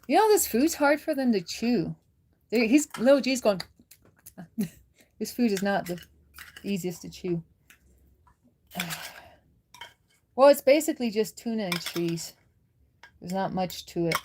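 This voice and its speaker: A woman's voice: fairly low pitch, a little hiss or hum. A woman hosts a casual livestream, talking with viewers and laughing easily. She says she is worn out, and she chats along loosely, reacting to comments as they come in. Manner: chatty, laughs often, answers viewer comments. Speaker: livestream host.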